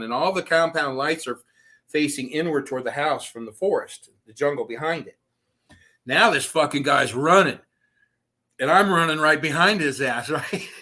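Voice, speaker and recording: Guy on a video call spinning a rowdy story, cussing a lot, bright punchy voice. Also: medium pitch. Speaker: guest, author telling his own story. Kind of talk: casual storytelling.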